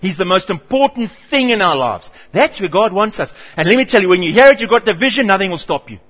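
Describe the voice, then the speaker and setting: A man's voice: sits high, quick pace. A middle-aged man preaching a sermon as pastor, telling stories and acting out the people in them. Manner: animated storytelling, acts out quoted voices. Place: church hall. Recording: dull reverberant church hall.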